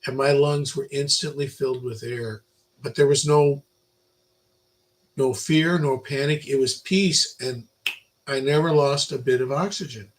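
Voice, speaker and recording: An older man giving an informal Bible lecture, rambling through personal stories and swinging between loud emphasis and quiet asides. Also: medium pitch, a little slow, poor audio. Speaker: Bible teacher.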